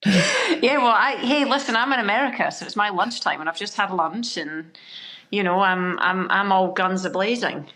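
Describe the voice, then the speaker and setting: A woman's voice: expressive, moderate pace, bright, forceful tone. A middle-aged Scottish woman chatting as a podcast guest, bubbly and full of energy. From Scotland. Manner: bubbly, high-energy, exclamatory. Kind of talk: casual chat.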